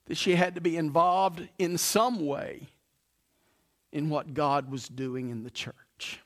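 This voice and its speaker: A middle-aged man, a pastor preaching a sermon, telling a story with many restarts and then pressing his point with emphasis. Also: on the high side.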